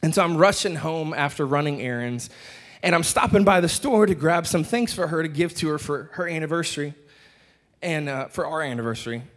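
Animated storytelling pastor, a man. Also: a little high, fairly quick. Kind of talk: sermon with personal storytelling. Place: church stage with a screen behind.

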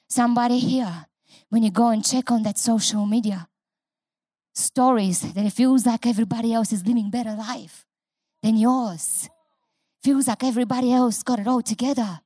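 A woman pastor with a high voice and a non-native English accent preaches with fervor, hammering key phrases again and again. She is middle-aged, and her voice sounds close and dry. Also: darkish tone, dry recording. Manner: impassioned preaching, repeats phrases for emphasis. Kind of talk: sermon.

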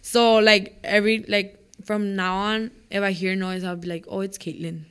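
A teenage girl telling a ghost story in casual chat. She is animated, says "like" a lot and acts out what people said. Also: mid-range voice, moderate pace, clean tone. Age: teens. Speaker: student club member.

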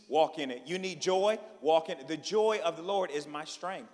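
A man in his thirties preaching a sermon, telling family stories with lively swings from loud to hushed. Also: a little high, normal speed, hardly any pauses. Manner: animated storytelling, dropping to a hush for quiet lines. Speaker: pastor. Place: church hall. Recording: long hall reverb.

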